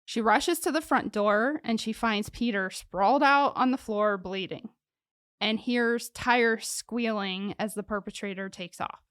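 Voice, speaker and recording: Woman, podcast co-host, casual true-crime chat, joking, high voice, dry sound. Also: measured pace, a bit bright, clear, resonant tone, dry recording. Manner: joking, chatty, lots of "like" fillers. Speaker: podcast co-host telling the case.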